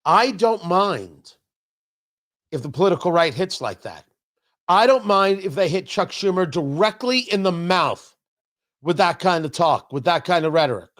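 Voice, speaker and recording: A man's voice: high voice, expressive, normal speed, fairly bright tone. A middle-aged man hosting a political talk show, speaking emphatically and sarcastically, repeating lines for punch. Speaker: radio talk show host.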